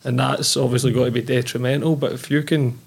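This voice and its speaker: A man's voice: medium pitch, level tone, quick pace, gravelly, slightly rough. A man hosting a casual podcast, chatty and sweary, who tags his sentences with "mate" and "innit". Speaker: podcast host.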